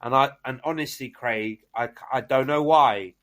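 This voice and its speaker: A man's voice: mid-range voice, moderate pace. A man co-hosting a film podcast, retelling a plot in casual chat with lots of fillers and restarts. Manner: animated, many fillers and restarts. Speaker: podcast host.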